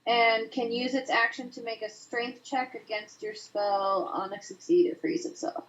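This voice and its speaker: A woman's voice: on the high side, fairly even intonation, normal speed, dull audio, slight background noise. A woman player in a tabletop game, hesitant as she checks the rules aloud.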